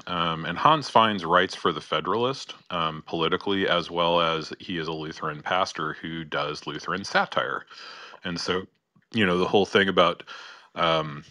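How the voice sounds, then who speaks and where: A man with a very low voice and a bright, forceful edge talks in a rambling, filler-heavy way, giving earnest advice. The sound is dry and close. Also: no room sound. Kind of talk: casual call-in discussion.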